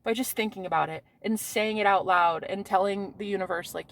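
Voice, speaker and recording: A woman in her thirties, a vlogger talking casually outdoors on a street in a brash, loud-mouthed way, swearing and laughing often. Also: medium pitch, a little fast, hardly any pauses. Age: 30s.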